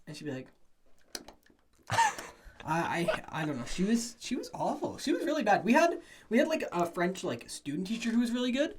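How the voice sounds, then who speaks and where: A man's voice: high-pitched, normal speed, long pauses, a little hiss or hum. Teen guy co-hosting a podcast, voice jumps around a lot, chatty stories. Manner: lively, chatty anecdotes. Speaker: podcast co-host. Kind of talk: casual chat.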